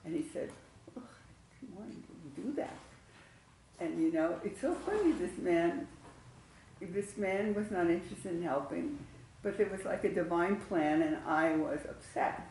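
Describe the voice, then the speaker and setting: A congregant speaks up during a class, telling a personal story in an earnest, reflective way. The voice has a gravelly texture. It is picked up from a distance in a very echoey room with faint ambience behind it. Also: mid-range voice, expressive, normal speed, a little mellow, a little hiss or hum.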